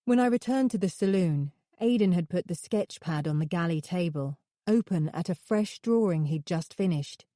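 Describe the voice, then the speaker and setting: A woman narrating a thriller audiobook in a measured, steady reading voice. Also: on the low side, no echo, clean studio sound.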